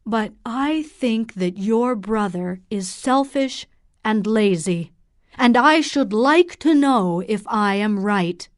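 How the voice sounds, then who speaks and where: A woman's voice: fairly high pitch, lively intonation, slow pace, dry recording, clean studio sound. A woman voicing a stern, shrewd older male doctor who speaks firmly and probingly.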